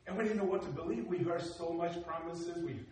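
Animated man from Africa, echoey hall. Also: brisk, a little hiss or hum. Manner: animated, acts out dialogue with rising emphatic pitch. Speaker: speaker telling his life story. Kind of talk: storytelling talk. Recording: echoey hall from a distant mic.

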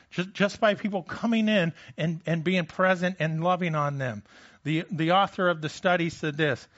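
A pastor delivering a sermon in a conversational way, putting questions to the congregation. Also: male voice, a little high, a bit bright, lo-fi sound.

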